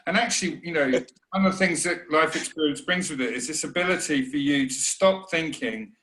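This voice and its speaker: A man's voice: a little high, sharp tone. A middle-aged man, talking earnestly in an interview, often restarting his sentences. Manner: earnest, halting, many restarts, mimics voices. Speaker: interview guest. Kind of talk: reflective conversation. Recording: roomy echo.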